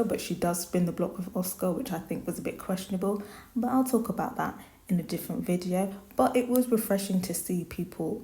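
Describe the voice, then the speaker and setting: A woman delivers sassy, opinionated commentary straight to her viewers. Her voice sits a little low and sounds mellow and warm. She talks bluntly and calls things out without holding back. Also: poor audio. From London, England. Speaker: YouTuber. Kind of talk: reality TV commentary.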